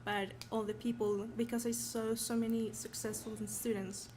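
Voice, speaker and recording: A woman's voice: fairly high pitch, little pitch movement, moderate pace, background noise. A teenage girl from Mexico with a Mexican Spanish accent, her native tongue Spanish, giving a nervous, earnest award acceptance speech. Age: teens. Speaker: honored student.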